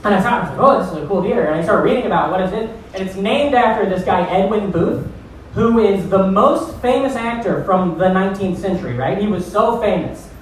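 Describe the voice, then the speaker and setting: A man's voice: sits high, lively intonation, brisk. Male comedy host, self-deprecating crowd work, distant mic in a roomy, faintly noisy club. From Iowa. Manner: rambling, profane, self-deprecating. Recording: echoey room from far off.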